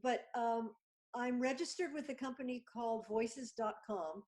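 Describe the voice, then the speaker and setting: Excited lady guest on a zoom call talking about her voice work, somewhat high voice. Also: normal speed, a little hiss or hum. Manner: chatty and enthusiastic. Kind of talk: casual video-call interview. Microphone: video call.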